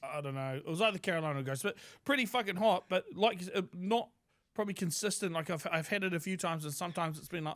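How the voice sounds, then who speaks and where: A New man co-hosting a casual podcast, his voice sitting high for a man. He tells crude stories with plenty of swearing and acts out the other people's lines as he goes. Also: fast. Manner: crude, animated storyteller who acts out quotes. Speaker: podcast co-host. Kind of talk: casual storytelling chat.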